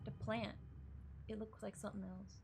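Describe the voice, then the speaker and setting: A woman's voice: mid-range voice, level tone, moderate pace, creaky, music in the background. Chatty young woman streamer, jumpy. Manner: chatty, easily spooked, thinks aloud. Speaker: gaming streamer. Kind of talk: casual live-stream commentary.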